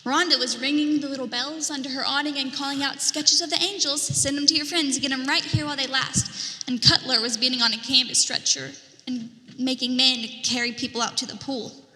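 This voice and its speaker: A woman performing a dramatic storytelling monologue as a market merchant in a church play, animated, with whispered asides. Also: high-pitched, brisk. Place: church sanctuary. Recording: reverberant church hall.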